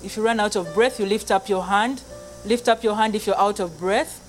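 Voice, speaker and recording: A woman's voice: medium pitch, normal speed, faint music behind, rough recording. A woman leading a choir through breathing exercises, counting aloud, giving short commands and checking in often with "okay?". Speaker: choir vocal coach. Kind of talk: group breathing and singing lesson.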